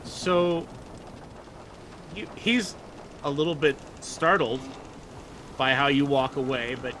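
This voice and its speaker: Guy game-mastering a tabletop game, bright voice, casual, lots of ums. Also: fairly high pitch, slow, a little hiss or hum. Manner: casual, laughing, hesitant with fillers.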